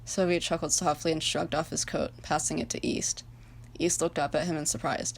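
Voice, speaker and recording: A woman narrating a fan-made story in a calm, even reading voice. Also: sits low, normal speed, vocal fry, slight background noise. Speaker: reader of her own fan fiction.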